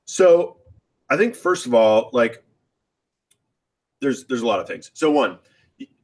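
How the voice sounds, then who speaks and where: A man's voice: medium pitch, sing-song, unhurried, a little mellow. A man in a casual theology chat, explaining points and thinking aloud with frequent hedges. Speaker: podcast co-host.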